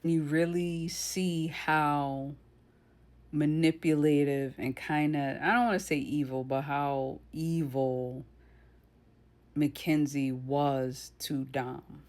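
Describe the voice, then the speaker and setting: A woman's voice: deep voice, fairly even intonation, slow pace, a little mellow. Blunt, indignant woman commentator. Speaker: true crime commentator. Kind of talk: casual commentary.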